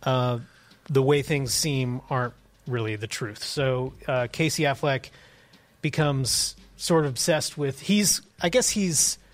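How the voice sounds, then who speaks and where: A man's voice: mid-range voice, takes it slowly. A male podcast host in casual movie chat, recapping plots in a rambling, hesitant way.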